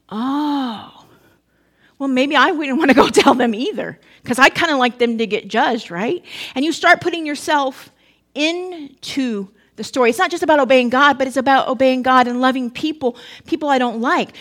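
A woman pastor preaching in a relaxed, conversational way. Her voice is slightly high, and she mixes storytelling with quick joking asides to the congregation. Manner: casual storytelling with asides and humor. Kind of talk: sermon.

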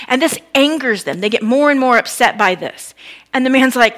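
A woman's voice: high voice, expressive, moderate pace, bright, forceful tone. A woman preaching a sermon in a conversational way, asking the listeners questions and acting out the people in the story. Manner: conversational, acts out quoted voices, asks the listeners questions. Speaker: pastor.

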